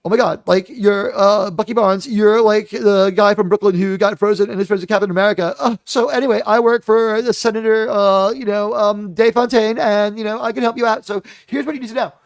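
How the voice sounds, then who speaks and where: A man putting on a nervous, chatty young woman assistant who gushes in a rushed, filler-heavy ramble. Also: high-pitched, fairly even intonation, gravelly, no room sound, pitched above the performer's own voice. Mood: gushing.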